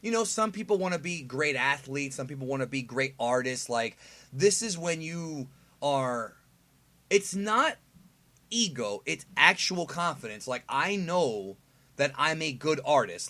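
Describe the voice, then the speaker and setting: A man's voice: fairly high pitch, lively intonation, measured pace, bright, forceful tone. Enthusiastic rambling man explaining to camera. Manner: enthusiastic, rambling, lots of fillers and restarts. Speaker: YouTube host. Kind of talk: casual explainer monologue.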